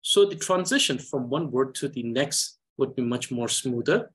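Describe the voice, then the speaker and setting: A man with a Tibetan accent teaching a language reading lesson, talking slowly and carefully with frequent hesitations. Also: medium pitch, animated, husky. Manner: slow, careful, hesitant with many uhs. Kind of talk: slow reading lesson with explanation.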